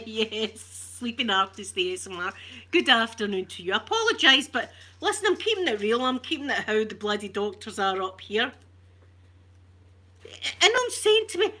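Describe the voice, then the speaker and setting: A woman's voice: on the high side, big pitch swings, normal speed, pushed and bright, breathy edge. A Scottish woman chatting on an ASMR live stream, ranting with animation and swearing freely. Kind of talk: casual live-stream chat.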